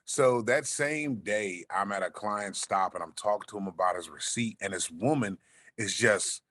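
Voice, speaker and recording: A man with a deep, smooth voice, chatting as a podcast guest and telling a laid-back story, swearing freely. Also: normal speed, a bit bright. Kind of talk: casual chat.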